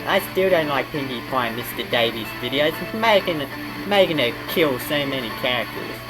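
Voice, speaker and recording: A man's voice: mid-range voice, lively intonation, normal speed, music in the background, rough recording. An Australian man hosting a reaction video, groaning and exclaiming in outrage at what he watches. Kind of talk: casual reaction commentary.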